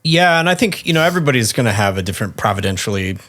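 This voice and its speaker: A man's voice: lowish voice, big pitch swings, rapid-fire, a bit bright. A man co-hosting a podcast in casual chat, steadily leading the talk and asking questions. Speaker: podcast co-host.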